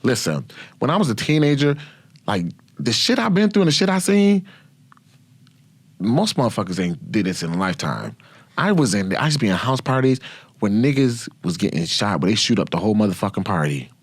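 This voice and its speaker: A man hosting his own podcast, telling profane, animated stories about his past and laughing often. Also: mid-range voice, normal speed, slightly rough, dry recording. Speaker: podcast host. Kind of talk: casual storytelling.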